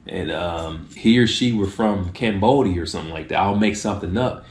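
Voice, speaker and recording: Low-voiced man giving tips, roomy echo. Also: a little fast. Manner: acts out short exchanges in changed voices. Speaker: video host giving tips. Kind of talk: casual talk to camera.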